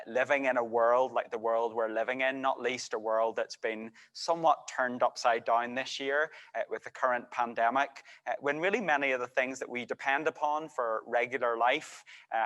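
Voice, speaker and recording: A man, a church worker giving an earnest, measured introduction with frequent hesitations. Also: mid-range voice, a bit bright. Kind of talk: introductory talk. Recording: long hall reverb.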